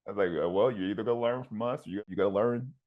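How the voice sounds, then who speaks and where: Man, very low voice, casual chat, easygoing, hesitant fillers. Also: very fast, phone-quality sound. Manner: relaxed, easygoing, with frequent "uh" and "um". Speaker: wrestling coach and podcast host. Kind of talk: casual conversation.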